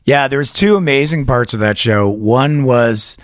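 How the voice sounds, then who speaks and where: A man's voice: mid-range voice, normal speed, no room sound, clean studio sound. A man hosting a casual talk show, rambling through crude anecdotes, laughing at his own stories and mimicking voices. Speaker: podcast host. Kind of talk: casual storytelling chat.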